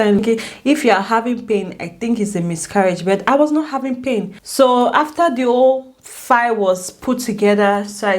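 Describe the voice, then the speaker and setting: A woman vlogger telling a personal story in a casual, emotional way, with many restarts and big swings in pitch.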